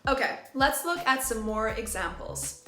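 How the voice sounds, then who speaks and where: A woman teaching English pronunciation in a clear, deliberate way, slowing down to demonstrate phrases. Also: a little high, lively intonation, sharp tone, roomy sound. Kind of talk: scripted pronunciation lesson.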